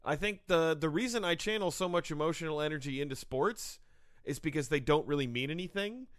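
High-voiced man hosting a comedy podcast. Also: a little fast, no room sound, clean studio sound. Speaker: podcast host. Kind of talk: casual comedy podcast banter.

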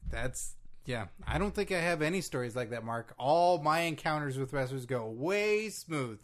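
Brief: man, podcast host, easygoing chat, deadpan quips. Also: on the high side, normal speed. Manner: dry, joking asides. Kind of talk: casual chat.

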